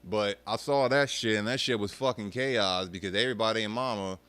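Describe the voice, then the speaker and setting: Profane, animated man with a bright voice. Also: on the low side, a little fast, smooth, no echo. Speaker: streamer talking about arcade rhythm games. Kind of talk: casual rant to viewers.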